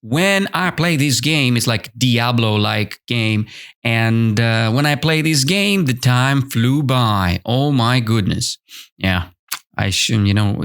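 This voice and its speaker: Animated man explaining a story slowly. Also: mid-range voice, creaky, smooth. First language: Russian. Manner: animated, chatty, self-correcting explanations. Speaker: English teacher, podcast host. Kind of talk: storybook lesson explaining vocabulary.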